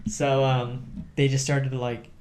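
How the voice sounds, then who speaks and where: Young man telling animated stories. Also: mid-range voice, measured pace, a little hiss or hum. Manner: animated storyteller, acts out quotes, laughs often. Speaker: podcast host. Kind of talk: casual storytelling chat.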